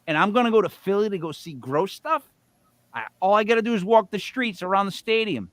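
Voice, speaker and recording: A middle-aged man co-hosting a live show, telling a long casual story in a rambling, animated way, swinging between loud bursts and mutters. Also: high-pitched, brisk, no room sound. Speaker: co-host.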